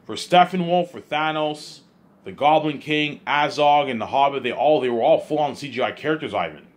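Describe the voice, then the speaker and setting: An excitable film director, high-pitched and loud, who keeps repeating the listener's name. A man plays him well above his own pitch. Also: normal speed, lightly acted. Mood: insistent.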